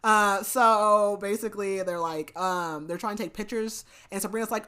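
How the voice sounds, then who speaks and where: A woman's voice: fairly low pitch, normal speed, hardly any pauses, sharp tone. A woman hosting a podcast, casually retelling a book's plot with lots of "like" and "basically", adding laughing asides. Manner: chatty retelling, heavy use of "like" and "basically". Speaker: podcast host. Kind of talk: casual book recap.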